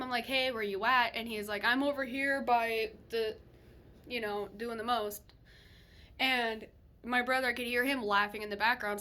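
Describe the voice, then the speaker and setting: A young woman vlogger telling a personal story in a chatty, animated way, swearing freely and laughing as she goes. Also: fairly high pitch. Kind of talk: casual storytelling to camera.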